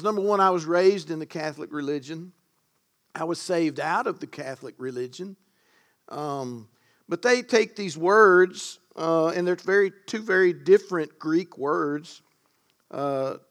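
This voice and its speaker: A man with a fairly high-pitched voice preaches a sermon to a congregation. He punches key words with loud stresses and slips into casual asides.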